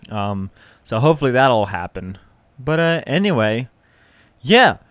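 A young man talks through his week on a solo podcast in a loose, rambling way, full of fillers and false starts. His voice sits in an ordinary middle pitch. The sound is dry and close, with no room around it. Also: lively intonation, moderate pace, no room sound. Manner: rambling, self-deprecating, lots of fillers and restarts. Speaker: podcast host. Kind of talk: casual solo podcast chat.

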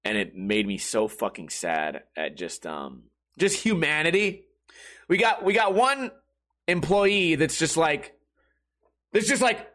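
Male, mid-thirties, profane rambling monologue with lots of laughs; lively, high-ish voice. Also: measured pace. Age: 30s. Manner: swears constantly, rants, laughs between lines.

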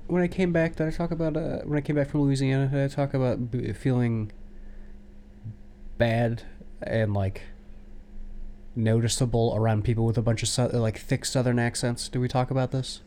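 A man's voice: mid-range voice, fairly even intonation, normal speed, warm tone, a little hiss or hum. Man, from the United States, podcast co-host, casual storytelling. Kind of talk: casual chat.

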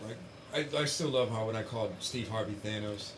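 A man's voice: on the low side, a little fast, noisy background. Profane, laughing man in casual chat. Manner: profane, laughing, animated storytelling.

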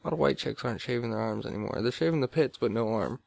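A man co-hosting a casual podcast, rambling and joking with quick asides. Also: medium pitch, gravelly, darkish tone. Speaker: podcast co-host. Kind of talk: casual crude podcast banter.

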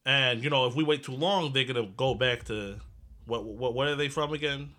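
Bright-voiced male player. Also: mid-range voice, normal speed. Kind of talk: casual in-character play.

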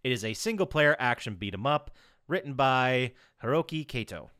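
A man hosting a casual podcast chat, leading the segments and reading out trivia in an animated way. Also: mid-range voice, moderate pace, clear, resonant tone, dry recording, studio quality. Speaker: podcast host.

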